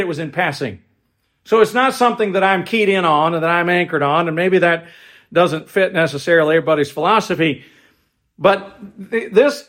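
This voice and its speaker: A man serving as pastor, preaching a sermon in a measured way, with restarts and asides. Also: high-pitched, a bit bright.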